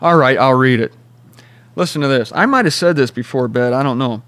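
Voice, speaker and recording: A man's voice: medium pitch, a little fast, a bit bright, no echo. A man hosting a rambling, sarcastic solo commentary from a cheap small studio, mocking and self-deprecating. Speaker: host.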